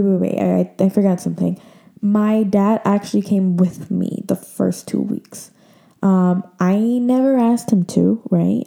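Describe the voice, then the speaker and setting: A woman's voice: medium pitch, gravelly, warm tone. A young woman in her twenties hosting a podcast, chatting casually and emotionally with many fillers. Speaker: podcast host. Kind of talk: casual chat.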